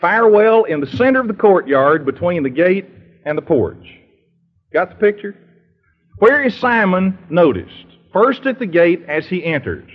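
A man's voice: high-pitched, very animated, measured pace, soft background music. A male preacher retelling a story dramatically in a sermon and putting questions to his congregation. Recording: dull lo-fi recording.

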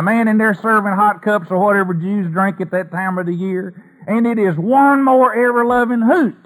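Folksy, animated male storyteller. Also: high-pitched, moderate pace, rough recording. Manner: folksy, animated, with colloquial asides.

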